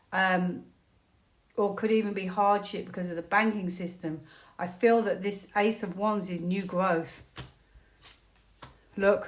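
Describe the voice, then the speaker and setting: A woman from the United Kingdom giving a casual solo tarot reading, musing aloud and breaking into excited, laughing exclamations. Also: medium pitch, echoey room. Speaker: tarot reader.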